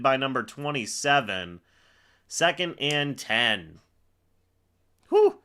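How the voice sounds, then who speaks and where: A young man hosting a live fan reaction stream, calling the plays as he watches and getting excitable on big moments. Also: mid-range voice, takes it slowly, long pauses. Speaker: fan livestream host.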